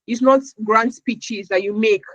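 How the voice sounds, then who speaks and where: A woman's voice: on the high side, fairly even intonation, unhurried, no echo, lo-fi sound. Woman from Nigeria, podcast guest, earnest, repeats words mid-thought, dry close sound. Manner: earnest, repeats words as she searches for phrasing. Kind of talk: interview answers.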